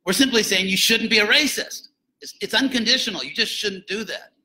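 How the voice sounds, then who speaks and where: An older man giving an informal, conversational lecture to students as a spiritual teacher, with joking asides and animated emphasis. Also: high-pitched, fairly quick, poor audio.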